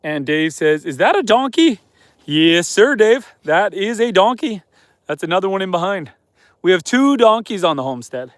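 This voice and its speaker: A homesteader from Canada chats on a livestream from his snowy yard after dark. He reads viewer comments aloud and answers them in an easy, relaxed way. His voice sits a little higher than most men's, and the sound is dry and close to the phone mic. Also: moderate pace, dry recording. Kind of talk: casual live stream chat. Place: outdoors at night on a snowy homestead.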